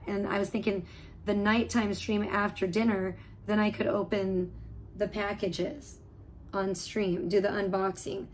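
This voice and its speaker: A woman's voice: mid-range voice, a little mellow, poor audio. A woman live streamer at home, chatting casually with her viewers in a rambling way, full of fillers and restarts.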